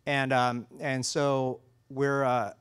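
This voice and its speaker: A man's voice: medium pitch, flat delivery, slow pace, clean tone. A man speaking as a color scientist guest in a casual technical interview, enthusiastic and full of restarts and fillers.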